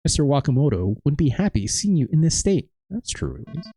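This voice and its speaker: A gruff retired wrestler lectures sternly from a video game's dialogue boxes, a man reading the part aloud. The lines rise and fall a lot, and the voice sits dry and close on the mic. A little music plays faintly underneath. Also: on the high side, big pitch swings, fairly quick, warm tone, no room sound, heavily acted.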